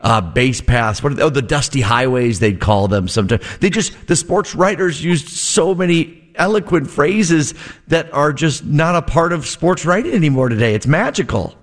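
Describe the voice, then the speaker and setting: A man hosts a radio talk segment, steering the guest in an easy conversational way. His mid-pitched voice moves up and down in a lively way. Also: normal speed. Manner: friendly, conversational, prompting the guest. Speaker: fill-in radio host. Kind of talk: casual radio chat.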